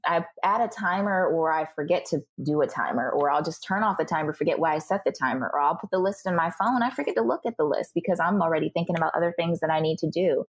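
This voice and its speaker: Husky low-voiced woman telling her story. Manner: animated, acts out other people's remarks in quick bursts. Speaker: podcast guest. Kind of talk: candid conversational storytelling.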